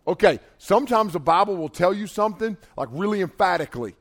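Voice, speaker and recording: A man's voice: high-pitched, expressive, a little fast, hardly any pauses. A man in his forties preaching to young people in a casual, emphatic way. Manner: casual, emphatic, builds to loud urging. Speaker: pastor.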